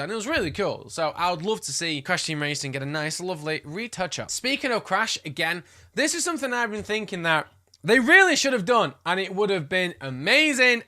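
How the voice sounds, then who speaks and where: Excitable guy talking games, high bright voice that jumps all over. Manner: enthusiastic, gushing, playful asides. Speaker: gaming vlogger. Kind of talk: casual chat.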